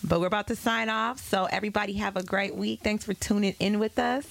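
A woman hosts a casual podcast and wraps up the episode. Her mid-range voice has a strong gravelly fry, and her closing words sound upbeat. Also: medium pitch, fairly even intonation, a little fast. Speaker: podcast host.

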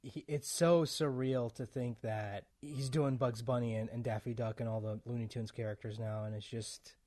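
A man's voice: mid-range voice, steady tone, moderate pace, a little mellow. A man hosting a podcast, chatting casually and enthusiastically with his guest and laughing often. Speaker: podcast host. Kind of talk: casual interview chat.

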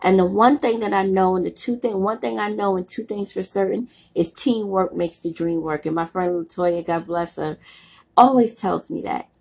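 A middle-aged woman gives a motivational talk, her voice husky and worn by a cold. She talks bluntly and plainly, in a preaching tone full of casual slang. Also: medium pitch, normal speed, a little mellow. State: voice roughened by a cold. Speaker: motivational speaker.

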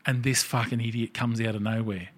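A man's voice: medium pitch, brisk, slightly rough. A man in casual podcast chat, telling gaming stories with lots of swearing and acting out what other people said. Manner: animated storyteller who acts out other people's lines, swears freely.

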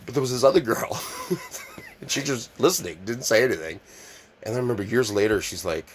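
A man's voice: on the low side, lively intonation, brisk, a little hiss or hum. A man telling crude, profane stories in casual chat, laughing through them. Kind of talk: casual comedic storytelling.

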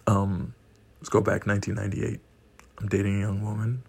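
A man's voice: fairly low pitch, completely flat delivery, a little fast. A man in his forties telling a profane, rowdy personal story and laughing at his own punchlines. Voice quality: gravelly, husky voice.

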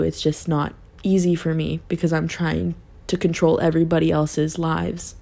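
A young woman with a low voice speaks candidly in a reflective personal monologue. She thinks aloud, restarts her sentences and laughs easily as she goes. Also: flat delivery, normal speed, gravelly, warm tone. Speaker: podcast host.

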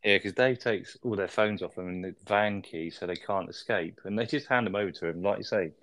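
Low-voiced man, chatty. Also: fairly quick, fairly bright tone. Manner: sweary, chatty, seeks agreement with tag questions. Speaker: podcast co-host reviewing a film. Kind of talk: casual chat.

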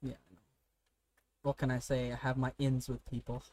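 A man's voice: medium pitch, monotone, moderate pace, darkish tone, no echo. A young man from India chatting casually, swearing freely and telling stories with laughter. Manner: profane, storytelling, laughs often. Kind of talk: casual chat.

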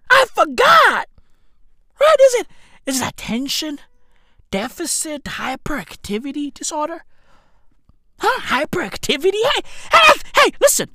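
A woman, loudly rambling through a comic monologue, repeating herself, swearing and dropping slang. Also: high-pitched, no room sound, clean studio sound. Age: 30s.

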